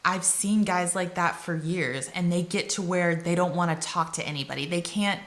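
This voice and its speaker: A woman summarizing and analyzing a novel for students in a casual video lesson, retelling scenes with quick paraphrased character quotes. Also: on the low side, a bit bright. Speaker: teacher explaining a novel.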